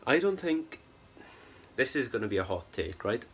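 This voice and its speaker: Very animated and moderately paced, a young man with a medium-pitched voice rants about a film in his review vlog, with a little hiss or hum in the audio. He sounds exasperated and rambling, frequently adding "right?" and "bro."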